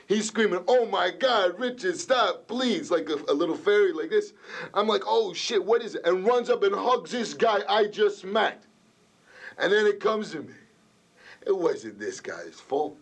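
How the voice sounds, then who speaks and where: A man's voice: fairly high pitch, gravelly, pitched above the performer's own voice. An actor playing a crude, boastful Italian-American tough guy with a New York accent, delivering an audition monologue. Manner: swaggering, crude, rambling storyteller.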